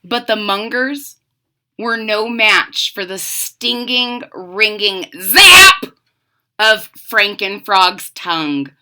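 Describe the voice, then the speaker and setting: Bright, expressive woman reading a storybook. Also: mid-range voice, takes it slowly, clean tone. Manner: expressive storytelling with explanatory asides. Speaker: storybook reader. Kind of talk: children's read-aloud.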